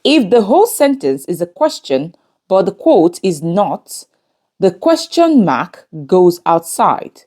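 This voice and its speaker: A woman giving a scripted grammar lesson in a measured, instructive way. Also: mid-range voice, big pitch swings, warm tone. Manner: measured, instructive, reads examples aloud. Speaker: English teacher.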